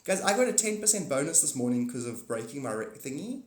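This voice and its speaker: A man's voice: medium pitch, sing-song, fast. Man chatting on a roomy live stream. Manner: rambling, jokey, swears and self-corrects. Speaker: live streamer and paid reader. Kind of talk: casual live-stream chat. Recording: roomy echo.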